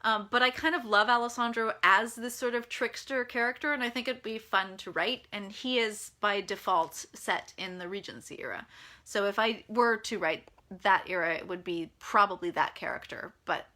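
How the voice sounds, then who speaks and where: A woman's voice: mid-range voice, moderate pace, sharp tone. An American woman, an author, chatting casually through a live reader Q&A in a frank, self-deprecating way with lots of fillers. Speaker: author answering reader questions. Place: at home in California.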